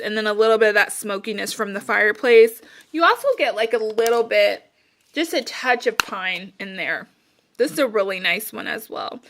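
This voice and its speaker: A woman who reviews candles and wax melts chats casually, rambling with lots of fillers and sounding slightly out of breath. Her voice is a little high, bright, and forceful.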